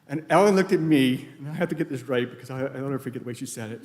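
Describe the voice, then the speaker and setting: The echo of a large church hall surrounds a man's fast, mid-range, darkish voice as he eulogizes his late wife at her funeral. His stories are anecdotal and rambling, with many restarts.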